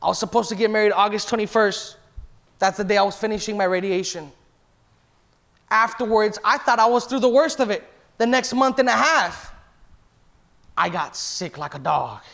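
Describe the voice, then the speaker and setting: A man's voice: high-pitched, normal speed, vocal fry, pauses often, a bit bright. A man in his thirties, a pastor, giving an emotional personal testimony in a church sermon. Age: 30s. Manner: emotional, confessional, quotes himself and others.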